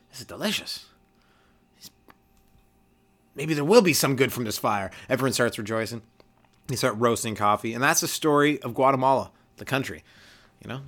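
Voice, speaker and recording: A young Canadian man riffs through a solo comedy podcast at a middle pitch. He talks in loose, rambling stretches, drops swear words freely and slips into little voices for the people in his stories. His pace and tone stay plain and unpolished. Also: a bit bright. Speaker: podcast host, stand-up comedian.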